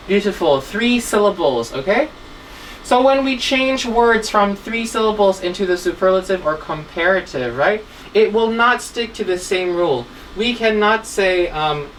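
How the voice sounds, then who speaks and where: A woman teaching an English grammar lesson, patiently spelling words letter by letter and checking in with "okay?" after nearly every line. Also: fairly low pitch. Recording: distant mic, faint room noise.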